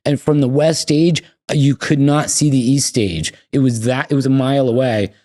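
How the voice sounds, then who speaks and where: A man's voice: mid-range voice, normal speed. A man from the United States, a podcast guest, telling stories in casual, profane talk and acting out quotes. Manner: animated, profane, acts out quotes. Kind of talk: casual storytelling.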